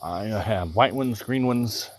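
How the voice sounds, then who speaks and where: Man, mild southern accent, low-pitched, rambling easygoing chat, fishing outdoors, crickets behind. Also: slow, a little hiss or hum. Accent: Southern American. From Southern Illinois. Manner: rambling, easygoing, thinks aloud, reads out viewer comments. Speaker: livestreaming angler. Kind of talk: casual live-stream chat while fishing. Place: outdoors by the water.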